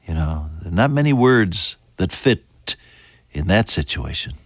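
Earnest low-voiced male preacher. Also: very animated, measured pace, no room sound. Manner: earnest, swells to emphatic peaks then drops soft and hushed. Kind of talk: sermon.

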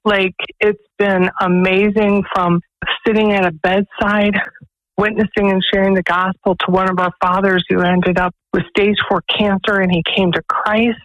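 A woman's voice: medium pitch, moderate pace, dry recording, highs cut off. A woman who runs a pregnancy resource center, telling stories earnestly as a guest on a radio interview. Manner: earnest, animated storyteller.

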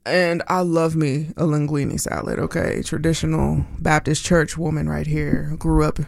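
A woman's voice: low voice, little pitch movement, measured pace, vocal fry, darkish tone, dry recording. A woman from Pennsylvania hosting a radio music show, talking in a bubbly, rambling way with frequent laughs, in a studio. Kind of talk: casual radio show chat.

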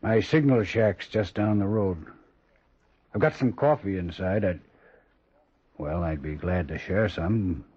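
An actor playing a lonely, strange railway signalman who speaks in quiet, terse, mournful lines, in 1940s radio acting. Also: low voice, unhurried, pauses often, husky, no room sound. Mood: quietly mournful. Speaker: signalman and telegrapher. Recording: dull lo-fi old radio recording.

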